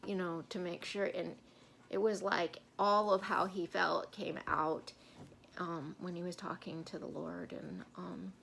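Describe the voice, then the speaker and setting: A woman's voice: on the low side, steady tone, a little slow, gravelly, fairly bright tone, a little hiss or hum. A woman co-hosting a casual Bible-study chat, telling stories in a rambling way with many fillers. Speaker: co-host.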